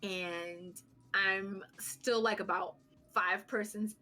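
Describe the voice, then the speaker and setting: A woman's voice: mid-range voice, steady tone, takes it slowly, bright, forceful tone, soft background music. A woman in her thirties co-hosting a podcast, telling a story in casual chat, acting out quotes and laughing as she goes. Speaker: podcast co-host.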